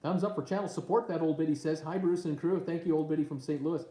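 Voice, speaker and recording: A man's voice: fairly high pitch, fairly even intonation, fast, dark tone. A man hosting a casual live stream at home on his tablet, reading viewer comments aloud with lots of uhs and ums. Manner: reads viewer comments aloud with many fillers. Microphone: tablet mic. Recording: echoey room.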